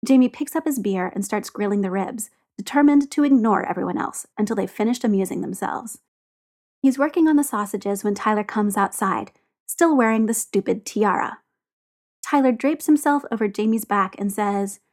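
A woman narrating a story aloud in a steady, expressive reading. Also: mid-range voice, normal speed. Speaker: audiobook narrator.

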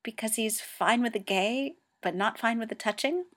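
A blunt, dryly teasing teenage boy, as a woman reading a story puts him on. His questions come flat and matter-of-fact, a touch higher than her usual voice. It has the feel of an amateur audiobook. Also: normal speed, natural voice.

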